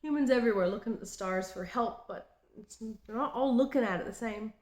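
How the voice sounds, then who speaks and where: Aussie woman vlogging, kinda halting, thinking out loud, roomy echo on the mic. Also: fairly high pitch. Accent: Australian. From Australia. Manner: halting and reflective, with frequent restarts. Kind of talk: personal reflective monologue.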